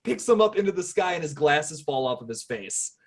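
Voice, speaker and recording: A man hosting a casual podcast film discussion, rambling excitedly, swearing and laughing often. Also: on the high side, fairly quick. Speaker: podcast host.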